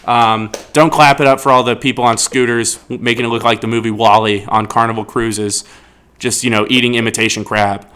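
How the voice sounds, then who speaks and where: A man from the States riffing through a question list in a loose, crude, jokey way. His voice sits at an ordinary middle pitch, and he swings from deadpan answers into sprawling comic bits. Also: a little fast, clear, resonant tone. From United States. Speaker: podcast host. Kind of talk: casual comedic chat.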